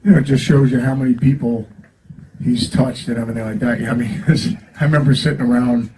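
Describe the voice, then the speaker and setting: A man's voice: mid-range voice, steady tone, quick pace, background noise. A man, the guest musician at a Q&A, telling rambling stories full of fillers and laughter. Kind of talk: casual storytelling to an audience. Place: record store event.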